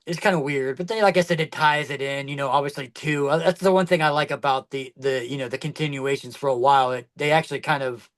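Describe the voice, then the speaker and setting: A man's voice: mid-range voice, fairly even intonation, fast talker, hardly any pauses, fairly bright tone. A man co-hosting a podcast, talking in casual chat that rambles with many fillers and restarts. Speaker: podcast co-host.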